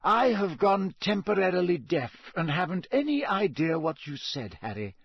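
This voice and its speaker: A wise old headmaster, over sixty, speaking in measured, gently wry tones with a lively rise and fall, as a man reading the story puts him on. The voice has a husky edge, recorded close and dry. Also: high-pitched, no echo, pitched above the performer's own voice, exaggerated voice. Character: wise, elderly male headmaster, calm and wry.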